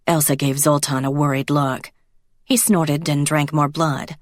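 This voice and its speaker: A woman narrating a paranormal romance audiobook in a steady storytelling manner. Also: low-pitched, normal speed, no room sound, studio quality. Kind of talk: scripted narration.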